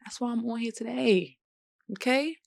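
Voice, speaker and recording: Weary woman vlogging, gravelly voice. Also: a little high, normal speed, no room sound, studio quality. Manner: emotional, earnest, pleading at times. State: tired. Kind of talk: personal vlog talk to camera.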